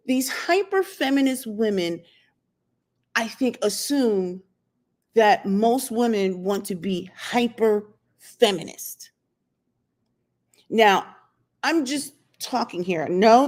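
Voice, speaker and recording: An opinionated woman talks into her camera outdoors in a casual vlog monologue. Her voice sits at an ordinary middle pitch for a woman. She challenges the viewer with pointed rhetorical questions. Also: a little mellow. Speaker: channel host. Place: outdoors in sunlight.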